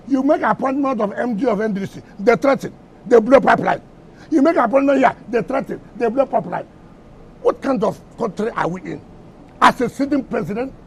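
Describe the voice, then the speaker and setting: A man's voice: very high voice, slight background noise. A middle-aged Nigerian man answering reporters at a press briefing, combative and firing off repeated rhetorical questions. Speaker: government minister at a press briefing.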